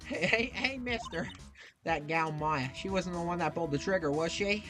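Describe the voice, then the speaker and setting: A man's voice: a little high, moderate pace, lightly acted. A man doing a twangy nosy country gal. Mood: teasing. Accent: put-on rural drawl. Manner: folksy, twangy slang. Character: brash female country photographer, nosy. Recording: game music behind voice.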